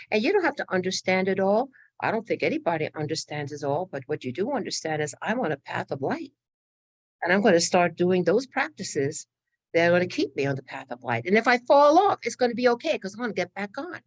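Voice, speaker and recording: A woman's voice: lowish voice, very animated, brisk, dry recording. A middle-aged woman giving a spiritual talk, laughing often and acting out inner voices. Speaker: spiritual teacher.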